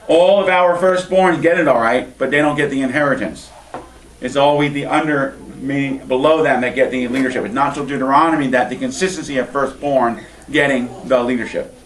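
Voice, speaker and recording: Wry rabbi teaching, echoey and distant. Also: male voice, a little high. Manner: lively, wry asides and joking. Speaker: rabbi teaching an adult class. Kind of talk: informal Bible lecture. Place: synagogue classroom. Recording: echoey room, mic far off, faint hiss.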